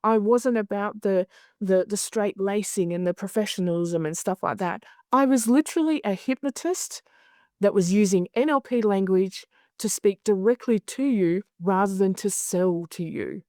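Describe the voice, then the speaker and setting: A woman's voice: mid-range voice, normal speed, darkish tone, no echo, studio quality. A middle-aged woman in a candid interview, who talks bluntly, swears freely and acts out other people's lines. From Australia. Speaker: hypnosis conference director.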